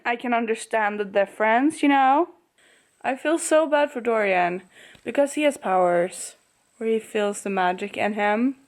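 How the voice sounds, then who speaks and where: A book vlogger with a medium-pitched voice chats casually in a reading vlog, gushing over and reacting to a story. She laughs often and sometimes drops to a soft murmur.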